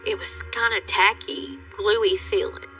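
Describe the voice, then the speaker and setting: An older woman retelling a crime in an interview, halting and emotional. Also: medium pitch, steady tone, pushed and bright, soft background music. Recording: voice from far off the mic.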